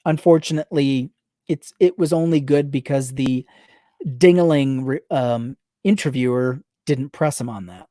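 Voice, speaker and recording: A woman reading a book aloud on a livestream, rapid-fire, breaking off for sarcastic asides to her viewers. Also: extremely low pitch, dark tone, no room sound, clean studio sound. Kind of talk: reading aloud with live commentary.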